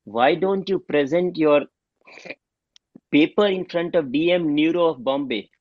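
A middle-aged man, a homeopath guest telling an animated story and acting out the dialogue. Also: a little high, a little slow, no echo. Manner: animated, acts out quoted dialogue. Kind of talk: storytelling interview. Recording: dull lo-fi dry sound.

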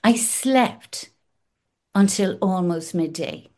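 A woman's voice: mid-range voice, lively intonation, slow pace, darkish tone. A middle-aged woman talking candidly as a guest, emphatic and frank, swearing casually and listing things in rhythmic runs. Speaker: guest in recovery. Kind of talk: candid conversational chat.

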